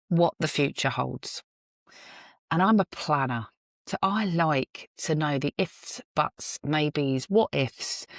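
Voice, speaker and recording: Her own podcast is the setting: a woman in a low voice muses earnestly in a solo monologue, poking fun at herself now and then. She records on a phone in a parked car, yet the audio is dry and studio quality.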